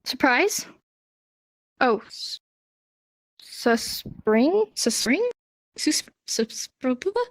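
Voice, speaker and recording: A young woman gives a relaxed, conversational lesson and answers questions as they come. Her voice sits a little high, and she acts out example lines by swooping up in pitch. The sound is close and dry. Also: drawn-out words, long pauses, no room sound, poor audio. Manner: chatty, acts out example dialogue with rising pitch. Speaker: sign language teacher.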